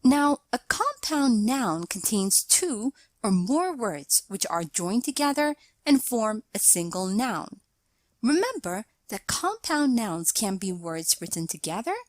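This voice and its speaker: A woman narrating a scripted grammar lesson, explaining slowly and deliberately and reading out example sentences. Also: on the high side, big pitch swings, dry recording. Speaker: English teacher.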